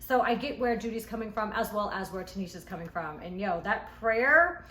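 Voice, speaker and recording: A woman casually recapping a reality show episode she was in, telling it in an animated, emphatic way. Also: mid-range voice, moderate pace. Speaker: reality show cast member reviewing her episode. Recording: echoey room.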